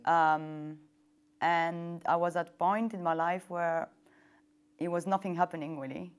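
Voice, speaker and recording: Woman in her twenties, non-native English, low-pitched, hesitant with fillers, lapel mic on an indoor set. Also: steady tone, unhurried, clean tone. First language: not English. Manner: hesitant, many fillers, soft laughs. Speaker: interviewee. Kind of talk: casual personal account. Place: lit indoor interview set. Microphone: wireless lapel mic.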